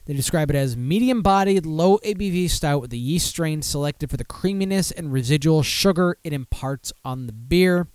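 Male podcast host, a bit high-pitched, dry close-mic sound, animated and ranty. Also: normal speed, few pauses, smooth, dry recording. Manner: animated, mock-outraged outbursts and rambling self-talk. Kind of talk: casual live show chat.

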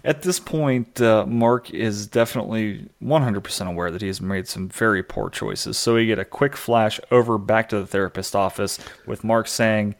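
A man's voice: fairly low pitch, moderate pace, few pauses. A man co-hosting a podcast, recapping a TV episode in a rambling way, full of fillers, acting out quotes. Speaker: podcast co-host. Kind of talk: casual chat recapping a TV episode.

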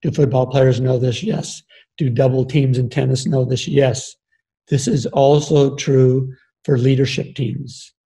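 An older man, a grandfather, giving an earnest, explanatory talk on leadership and the body, often pausing with ums and restarting phrases. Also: medium pitch, flat delivery, warm tone, rough recording. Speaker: speaker on embodied leadership. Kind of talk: reflective talk.

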